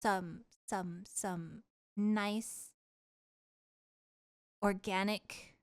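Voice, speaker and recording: A woman's voice: mid-range voice, fairly even intonation, extremely slow. A young woman streamer chatting casually with her live chat, playful and giggly, trying out words with a mock French accent.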